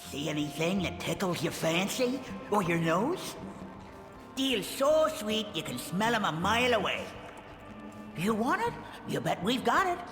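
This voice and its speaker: A sly little rat-folk peddler who pitches his deals in a high, bouncing voice. His wheedling sales patter rings out in a roomy hall, with game music underneath. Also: sing-song, measured pace, exaggerated voice. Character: sly, cheery male rat-like merchant creature. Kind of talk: video game character dialogue. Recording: reverberant game audio with music.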